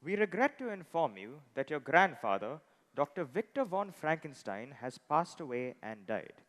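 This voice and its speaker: Male actor as a dry comic messenger; high, lively pitch; stage hall echo. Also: normal speed. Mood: deadpan. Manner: dry, comic timing, sudden loud calls. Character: deadpan male telegram messenger. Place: theatre stage. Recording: reverberant hall.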